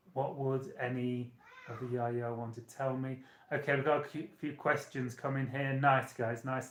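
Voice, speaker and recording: A man chats and rambles straight to his viewers as he hosts a casual live stream. His voice sits at a middling pitch. It echoes around a small, roomy hotel room. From United Kingdom. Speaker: channeler and live-stream host. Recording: roomy echo.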